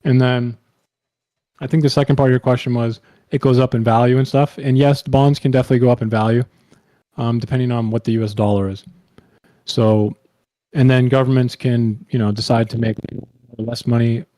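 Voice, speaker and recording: Blunt man explaining, warm mellow voice. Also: mid-range voice, fairly even intonation, a little fast, no echo. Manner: explains at length, swears casually, blunt. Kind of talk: casual voice-chat debate. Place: online voice call.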